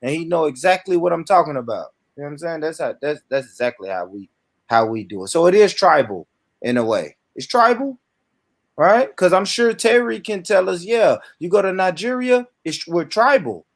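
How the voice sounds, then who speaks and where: A man's voice: fairly high pitch, sing-song, moderate pace. A man from Tennessee hosting a casual panel chat, easygoing, laughing often and steering the talk. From Tennessee, United States. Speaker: podcast host.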